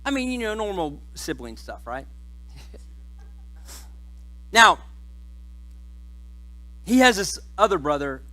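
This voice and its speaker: A male pastor speaks in a high, bright voice. He preaches in church in a relaxed, joking, conversational way and keeps the story moving. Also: takes it slowly, pauses often, poor audio. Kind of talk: sermon.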